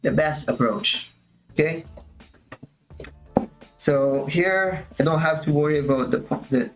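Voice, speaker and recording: Walking through his animation work on a stream, a man thinks aloud casually, musing, drifting a little and sounding faintly amused with himself. He speaks slowly in a slightly high voice, with music playing.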